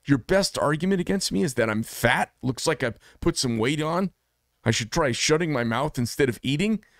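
A man's voice: fairly high pitch, expressive, moderate pace, no room sound, clean studio sound. A man in his fifties hosting a solo commentary show, speaking in an impassioned, emphatic way and often repeating himself for effect. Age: 50s. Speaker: podcast host.

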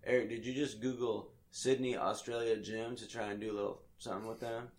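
A man's voice: lowish voice, little pitch movement, a little fast. A man co-hosting a podcast, tossing in wry, joking asides. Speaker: podcast co-host. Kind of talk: casual podcast chat.

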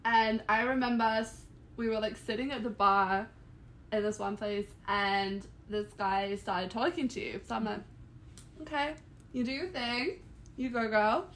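Chatty young woman with a bright pitch. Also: a little hiss or hum. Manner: relaxed storyteller, filler-heavy, quick to laugh. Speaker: podcast co-host. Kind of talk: casual chat.

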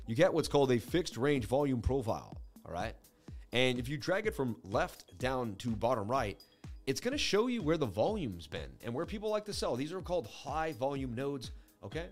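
A man's voice: medium pitch, big pitch swings, moderate pace, faint music behind. Rambling, self-assured male market host. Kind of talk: casual livestream market analysis.

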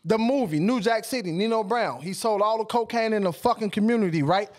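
A man's voice: high voice, a little fast. A man co-hosting a podcast, arguing his point bluntly and profanely, often talking over the others. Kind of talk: heated casual debate.

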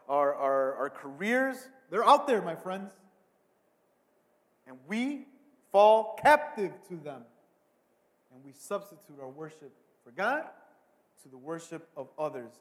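In a large hall with long reverb, a high-voiced male pastor preaches dynamically. He drops to near-hushed asides, then surges loud on key words, often repeating himself as he builds a point.

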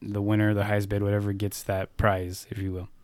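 Low flat-voiced podcast man. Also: fairly quick, dry recording. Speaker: podcast co-host. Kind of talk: casual podcast chat.

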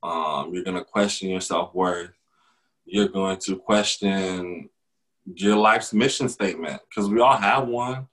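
A man's voice: low voice, unhurried, fairly bright tone, rough recording. A young man co-hosting a podcast, speaking in an earnest, upbeat, motivational way. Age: young adult. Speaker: podcast co-host. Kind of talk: casual motivational podcast chat.

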